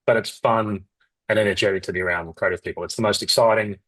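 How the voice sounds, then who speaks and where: A middle-aged company founder, appearing as an interview guest, tells candid stories fast in a husky, fairly low voice. He's rapid, rambling, and animated, acting out quoted dialogue, and the recording quality is low.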